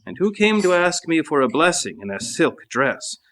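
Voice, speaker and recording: A man's voice: a little high, big pitch swings, moderate pace, fairly bright tone. Old monk elder, holy fool, rebuking and blunt, read by a man in a monastery refectory. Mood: scolding. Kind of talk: reading a saint's life aloud.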